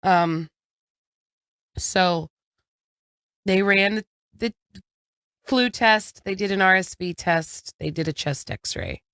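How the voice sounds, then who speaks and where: Frank and casual, this podcast co-host in her thirties recounts a family story, letting the occasional swear word slip. She speaks slowly in a mid-range, fairly bright, clean voice, pausing often. There's no echo, just clean studio sound.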